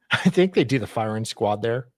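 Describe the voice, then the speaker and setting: A man's voice: medium pitch, expressive, moderate pace, a little mellow, dry recording. An Australian man co-hosting a podcast, casually chatting and reading legal documents aloud in a jokey, mock-formal way. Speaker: podcast co-host.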